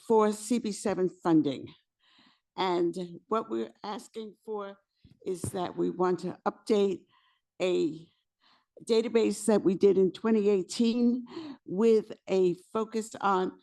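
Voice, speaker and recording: A woman who is losing her voice, presenting to a community board as a housing committee co-chair, speaking haltingly with fillers and restarts. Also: mid-range voice, a little mellow. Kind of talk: public meeting presentation. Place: community board meeting room.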